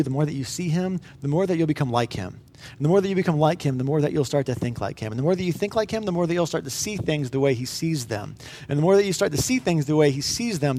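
A man's voice: mid-range voice, a little mellow. A man in his thirties, a pastor, preaching a sermon in an earnest, conversational way, with fillers and restarts.

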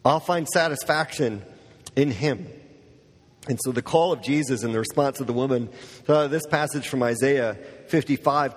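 A man's voice: medium pitch, moderate pace. A man preaching a sermon to his church in a casual, conversational way, full of fillers and asides. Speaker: pastor. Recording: long church hall reverb.

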